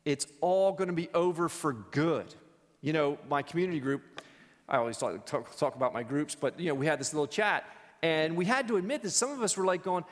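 A man leads a church Bible study, speaking in a relaxed, conversational way. He tells stories with lively energy, and his voice sits a little high. His words ring out with the long echo of a church hall. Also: brisk. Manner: conversational, animated storytelling with acted quotes.

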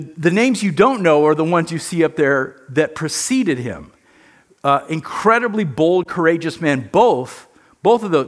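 A man teaching a church history lesson in an earnest, emphatic way, often repeating words. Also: a little high.

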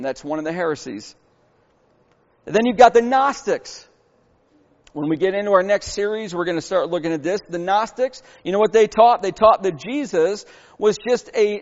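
A man with a high voice preaches a sermon, earnest and emphatic, pressing his points with rhetorical questions. His voice rings with a long reverb in a church hall, and the recording sounds dull and lo-fi. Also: darkish tone. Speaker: pastor.

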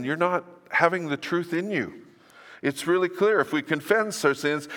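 A man's voice: on the high side, fairly bright tone. An older man preaching a sermon to his church, conversational and earnest, with self-deprecating asides. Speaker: pastor. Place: church sanctuary. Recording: echoey hall reverb.

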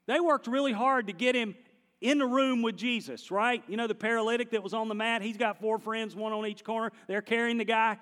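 A man preaching a sermon, swinging between hushed and loud passages. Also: high voice, animated, normal speed, big-room sound. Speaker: pastor.

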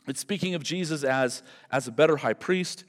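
At a moderate pace and with a slightly high voice, a man preaches as pastor through a passage verse by verse. This expository sermon is conversational and emphatic, with repeated words for stress and a big-room sound.

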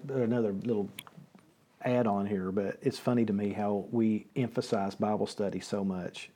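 A man's voice: fairly low pitch, mellow, husky. A man, a pastor, hosting a casual conversation, joking around and asking lots of questions. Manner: joking, asks many questions.

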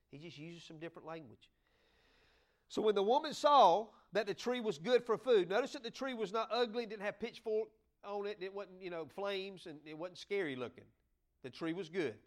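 A man with a high voice and a drawl preaches to his church. He talks in a folksy, joking way and now and then bursts out loud. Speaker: pastor. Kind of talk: sermon.

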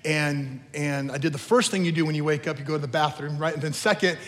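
High-voiced pastor preaching in an echoing hall. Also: male voice, steady tone, fast, fairly bright tone. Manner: conversational storytelling with teasing asides. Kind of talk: sermon. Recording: long reverb of a large hall.

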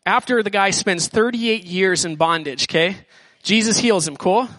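A man's voice: sits high, normal speed, a bit bright, no echo. A man preaching as a student pastor in a casual, slangy style, often acting out what people in the story say. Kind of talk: sermon.

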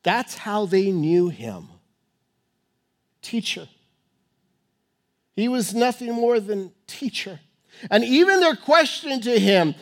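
A male preacher delivers a sermon in a high voice. He presses his points hard, rising to loud urging and dropping to hushed tones. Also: sing-song, slow, pauses often.

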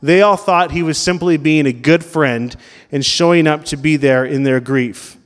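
High-voiced male pastor in a reverberant hall. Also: moderate pace. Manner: conversational preaching, questions the congregation. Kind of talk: sermon. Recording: long reverb of a large hall.

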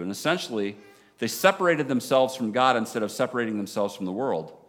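A man with a Southern American accent preaching a sermon as a pastor, animated, dropping low and quiet for emphasis. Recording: long hall reverb.

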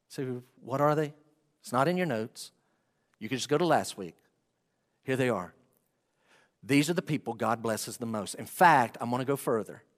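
Pastor, male, preaching, mid-pitched, hushed then loud and pleading, long hall reverb. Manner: swings from hushed to loud pleading, acts out prayers. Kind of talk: sermon.

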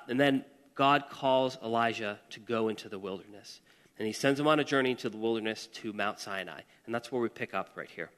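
A man's voice: fairly low pitch, fairly bright tone, big-room sound. A man preaching a conversational sermon to a church audience, chatty and casual, with asides and questions to the room. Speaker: pastor. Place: church service hall.

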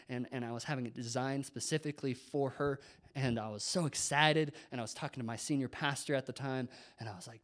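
A young man, a youth pastor, telling a personal faith story, animated, whispering when he quotes people and laughing at himself. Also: medium pitch, a little fast.

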